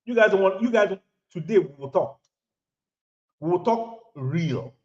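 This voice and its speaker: Roomy, dull lo-fi audio captures a relationship-advice vlogger from Nigeria, in his thirties or forties and with a Nigerian accent, lecturing the camera emphatically and repeating lines. His voice is high-pitched, expressive and darkish, at a measured pace.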